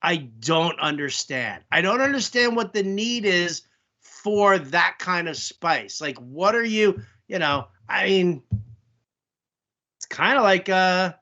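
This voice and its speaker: A man with a high, bright, lively voice co-hosts a podcast, rambling and joking through casual banter. He leans on fillers and trails off mid-thought. The sound is dull and lo-fi. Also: slow pace. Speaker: podcast co-host.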